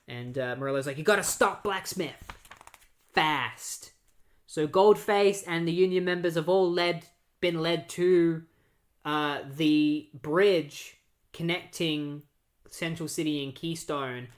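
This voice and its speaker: A casual podcast host recapping a comic storyline, rambling with lots of "like" and "uh". Mid-pitched, with an even, everyday delivery that keeps dipping into quick character voices. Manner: rambling, filler-heavy, breaks into quoted voices.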